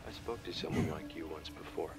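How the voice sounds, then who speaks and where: An actor playing a skeptical TV detective who asks blunt, probing questions. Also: male voice, extremely low pitch, brisk, music in the background. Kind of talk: TV drama dialogue.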